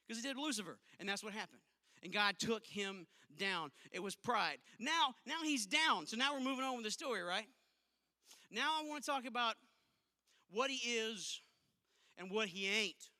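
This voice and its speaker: A youth pastor, preaching to teens in an emphatic, conversational way with punchy asides. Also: male voice, high-pitched, sharp tone. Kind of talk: youth sermon. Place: church auditorium. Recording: long reverb of a large hall.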